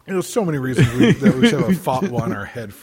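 A man's voice: medium pitch, sing-song, fast talker, over a noisy crowd. A man co-hosting a podcast in casual chat, speaking in a dry, matter-of-fact way. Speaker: podcast co-host.

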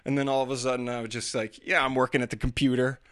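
A man's voice: mid-range voice, little pitch movement, quick pace, a bit bright, no echo, studio quality. A middle-aged man musing casually and with self-deprecating humor in a solo monologue. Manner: chatty, self-deprecating, demonstrates singing sounds.

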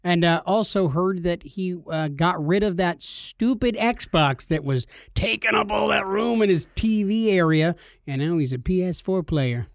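A man's voice: high-pitched, measured pace, dry recording, studio quality. A man co-hosting a casual podcast, joking and teasing his partner. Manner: joking, teasing, playful voices. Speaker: podcast co-host. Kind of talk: casual chat.

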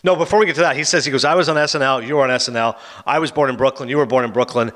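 Fast, bright-voiced man recapping awards. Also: medium pitch. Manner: opinionated, quick, animated retelling. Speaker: podcast host. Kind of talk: casual awards recap chat.

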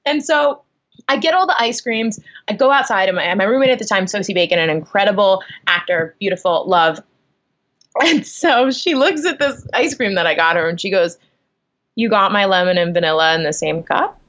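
A young woman telling a story in a casual interview at home, animated, acting out her own reactions. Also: mid-range voice, normal speed, highs cut off. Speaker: guest. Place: at home, on the floor. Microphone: video call.

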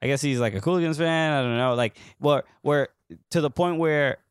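With a fairly high voice and a clean tone, a young US podcast co-host tells a rambling soccer-show story at a moderate pace, full of fillers and laughter. The recording is dry and studio quality.

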